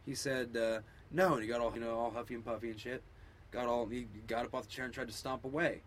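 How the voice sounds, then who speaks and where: A man's voice: mid-range voice, steady tone, fast talker, a little hiss or hum. A father telling a story in casual chat, laid-back and rambling with lots of fillers. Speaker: parent.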